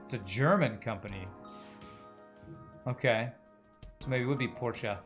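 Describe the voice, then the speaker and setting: Gravelly-voiced man streaming a game. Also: medium pitch, measured pace, music in the background. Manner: musing aloud, chatting with viewers. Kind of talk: casual gameplay commentary.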